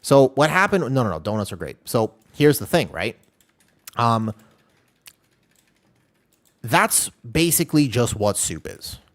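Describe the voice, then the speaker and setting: A man's voice: mid-range voice, very animated, a little slow, pauses often. A man streaming a game, chatting casually and rambling while answering his chat.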